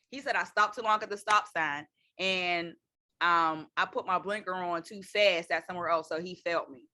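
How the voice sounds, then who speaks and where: A woman in her twenties, co-hosting and telling a story in casual, slangy, animated chat, laughing often. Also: medium pitch, a little fast. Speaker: co-host.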